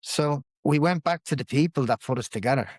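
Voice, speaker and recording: A man's voice: fairly high pitch, brisk, no room sound, clean studio sound. Dublin Irish man telling his story. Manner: lively storyteller who swears freely. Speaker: podcast guest. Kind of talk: personal storytelling in casual chat.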